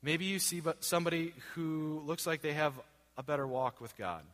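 A man's voice: on the high side, moderate pace, fairly bright tone. A man in his thirties preaching a sermon as pastor, earnest and repetitive, asking rhetorical questions. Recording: long hall reverb.

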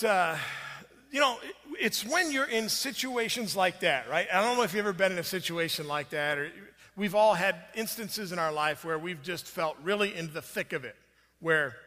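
Guy pastor telling a story in his sermon, kinda high voice, long hall echo. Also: sharp tone. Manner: storytelling, conversational with restarts.

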